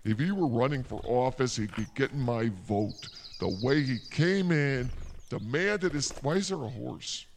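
A man's voice: mid-range voice, expressive, measured pace, creaky, a little hiss or hum. A man hosting a comic show, ranting in exasperation in a forest preserve. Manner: exasperated, rambling rants. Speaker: comedy show host. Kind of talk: comic outdoor monologue.

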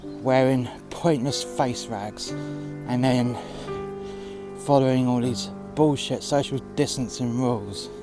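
Man, furious profane rant, mid-pitched voice, over clear guitar music. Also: slow pace. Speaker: podcast narrator, door staff. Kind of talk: angry monologue rant.

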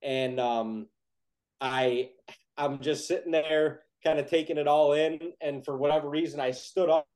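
Young man, slightly high voice, casual storyteller who gets animated and fills gaps with "like". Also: unhurried, poor audio. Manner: animated, heavy use of "like", excited retelling. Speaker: podcast guest telling a hunting story.

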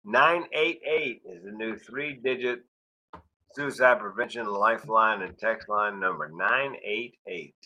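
A man's voice: lowish voice, a little slow, bright, forceful tone, low-quality recording. A middle-aged man, a guest speaker, telling wry personal stories and acting out dialogue. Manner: wry storyteller who acts out dialogue. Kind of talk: storytelling interview.

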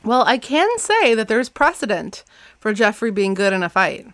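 A woman's voice: mid-range voice, big pitch swings, normal speed, fairly bright tone, no room sound, studio quality. A woman hosting a casual podcast, chatting about a book series, laughing often and acting out scenes as she retells them. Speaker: podcast host recapping books.

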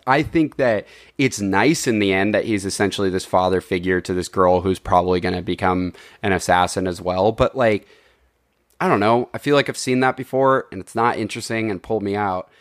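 On a laid-back podcast where films are reviewed, this co-host chats loosely, packing in filler words and cursing without restraint. He speaks at a normal pace in a lowish voice with fairly even intonation.

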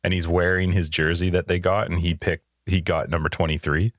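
A man's voice: low voice, flat delivery, fairly quick, no room sound. A man in his thirties co-hosting a podcast, talking in an upbeat, rambling way into a studio headset. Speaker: podcast co-host. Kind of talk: casual chat.

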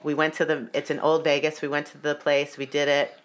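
A woman's voice: low-pitched, flat delivery, a little fast. A young adult woman telling a story in casual chat, full of "like" and acted-out quotes. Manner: chatty, fillers of "like", acts out quotes.

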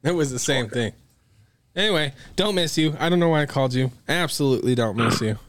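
A man's voice: medium pitch, expressive, brisk, fairly bright tone, no room sound. A man hosting a podcast, chatting casually and joking with his co-hosts, swearing freely. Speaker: podcast host. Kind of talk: casual chat.

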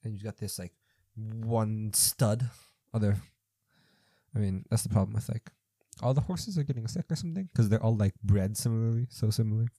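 A young man with a very dark, mellow voice and a somewhat low pitch rambles through odd news items. He sounds incredulous and thinks aloud with lots of fillers. He is recorded close and dry, with no room sound. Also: normal speed, long pauses, no echo. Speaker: podcast host. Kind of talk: casual commentary reading news stories aloud.

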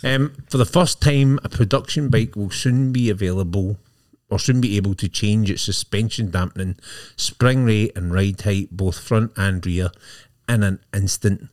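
Guy reading bike news on a podcast, lowish voice, dry close mic. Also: moderate pace, darkish tone, no echo. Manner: jokey, technical explainer. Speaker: podcast co-host.

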